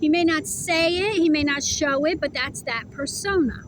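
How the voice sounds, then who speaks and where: A high-voiced woman gives a casual tarot reading to camera. She is blunt and profane, stressing her words, and she chews as she talks. A faint hum of background noise runs under her voice. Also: normal speed. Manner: blunt, profane, emphatic, chewing while talking. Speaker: tarot reader.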